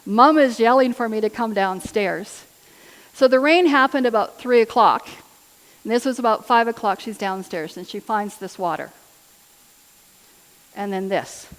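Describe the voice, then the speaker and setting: A woman's voice: fairly high pitch, a little slow, pauses often. A woman giving a sermon in an earnest, personal storytelling manner. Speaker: lay preacher. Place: church hall. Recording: church hall with long reverb.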